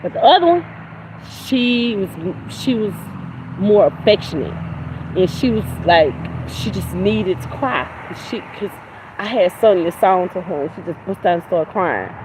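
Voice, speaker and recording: A woman's voice: medium pitch, expressive, normal speed, noisy background. A middle-aged woman hosting a livestream, speaking bluntly and emphatically about energy, God and people she won't deal with, with some cursing. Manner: blunt, emphatic, preachy, with spiritual talk and cursing. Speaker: livestream host. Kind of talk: casual livestream monologue.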